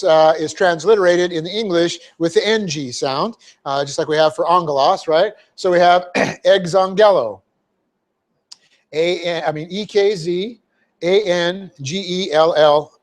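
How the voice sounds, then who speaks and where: A man preaching in a church, teaching a Bible verse methodically, spelling out Greek words letter by letter and often checking in with "okay?". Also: a little high. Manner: frequent fillers and "okay?" check-ins. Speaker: pastor. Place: church sanctuary.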